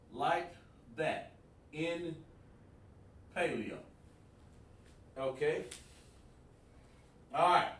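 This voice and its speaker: Male teacher at a whiteboard, slightly high voice, echoey room, off-mic, coaxes students, sounds out syllables. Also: distant mic, slight background noise. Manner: interactive, calls on students by name and sounds out syllables. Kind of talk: live online class lecture.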